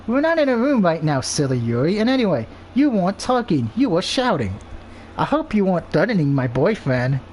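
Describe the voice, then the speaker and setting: A man's voice: high voice, sing-song, brisk, a little mellow, a little hiss or hum. A man reading the lines of a sweet, naive succubus girl who is eager and playfully teasing. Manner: innocent, upbeat teasing.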